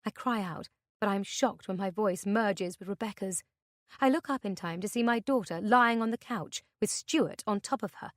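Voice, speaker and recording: A woman reading a thriller audiobook in the first person, with a tense, measured delivery. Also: mid-range voice, no room sound, clean studio sound. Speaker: audiobook narrator. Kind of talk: scripted narration.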